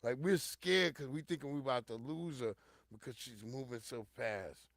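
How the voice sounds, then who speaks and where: A middle-aged man hosts a show and tells a personal story in a casual, profane monologue at normal speed, with vocal fry and no room sound. He addresses his listeners directly and repeatedly, swinging from loud outbursts to hushed low tones.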